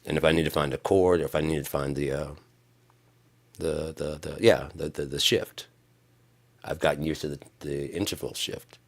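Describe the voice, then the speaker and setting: A man with a rumbling low voice and vocal fry speaks at normal speed with fairly even intonation. On a live stream, he rambles sarcastically about practicing music and sometimes breaks into mock-angry yelling.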